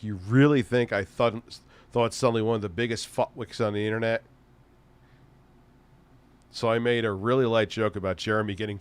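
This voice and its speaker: With a fairly low, clear and resonant voice, a man hosts a casual livestream, reading the chat and ranting sarcastically. He swears a lot and laughs frequently.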